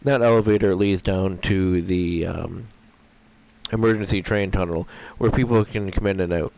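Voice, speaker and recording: A man giving rambling, hesitant commentary on a game he plays, often clearing his throat as his voice gets rough. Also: sits low, normal speed, darkish tone. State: voice getting rough. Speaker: gameplay commentator. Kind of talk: casual let's-play commentary.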